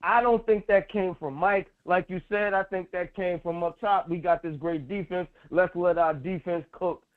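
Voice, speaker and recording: A man co-hosting a sports talk show, loud and emphatic, repeating phrases for effect. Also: sits high, steady tone, normal speed. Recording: tinny phone-like audio.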